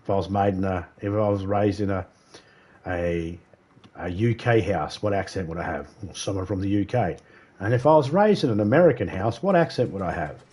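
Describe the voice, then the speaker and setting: A man's voice: low-pitched, lively intonation, fairly quick, a little mellow, slightly rough. A man streaming a video game live, chatting casually with slightly slurred speech, rambling through stories and laughing often. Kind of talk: casual chat while gaming live.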